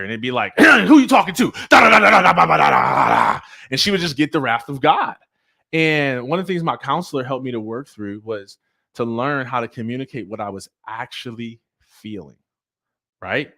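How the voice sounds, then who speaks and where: Energetic man giving a motivational talk. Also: medium pitch. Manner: energetic, preachy, addresses viewers as y'all. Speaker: host.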